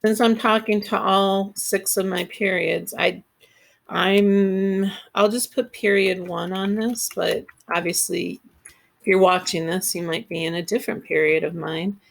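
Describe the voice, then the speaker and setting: A woman teacher records a computer screen tutorial for her students. Her voice sits at a middle pitch with a strong gravelly fry. She explains each step patiently and plainly. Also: steady tone, measured pace.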